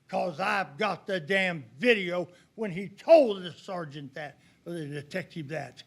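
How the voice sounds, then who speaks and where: Older man at the podium, angry and emphatic, voice pitched high. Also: measured pace, vocal fry, few pauses, fairly bright tone. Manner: heated, accusatory, emphatic. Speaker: public commenter. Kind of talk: public comment at a county meeting. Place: county commissioners' court meeting room.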